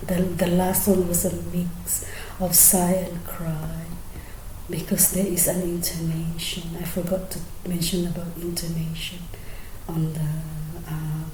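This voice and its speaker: Woman going over singing tips, low mellow voice, kinda whispery and hesitant, echoey room. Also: level tone, a little slow, slight background noise. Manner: soft, often half-whispered, hesitant with many fillers. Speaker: singing teacher. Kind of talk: casual singing tutorial. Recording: roomy echo.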